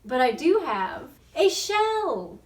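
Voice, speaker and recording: A woman's voice: sits high, very animated, normal speed. A woman voicing a small young female tortoise who protests earnestly and then grows sad. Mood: earnest, dejected. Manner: indignant protest turning to dejection. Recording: roomy sound from a distant mic.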